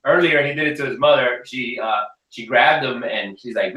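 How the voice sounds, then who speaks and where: Brief: young male host, bright tone, animated storyteller, echoey room, a bit off-mic. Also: mid-range voice, fairly quick, few pauses, recorded from a distance. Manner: animated storyteller who acts out his kids' lines. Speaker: host of an RC hobby hangout. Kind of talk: casual chat.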